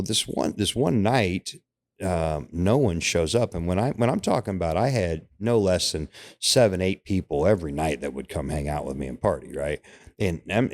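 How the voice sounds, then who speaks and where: Deep-voiced man telling a candid story. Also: a little mellow. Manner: candid, emotional storytelling with frequent "right?" and "you know". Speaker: podcast guest. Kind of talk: personal storytelling in casual interview.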